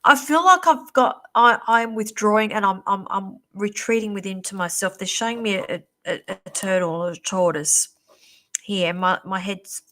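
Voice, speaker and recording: A woman hosting a live-stream psychic reading, chatty and reassuring, calling viewers darling, her voice going a little hoarse. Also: medium pitch, steady tone, moderate pace, a bit bright. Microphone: computer or phone mic on a live stream.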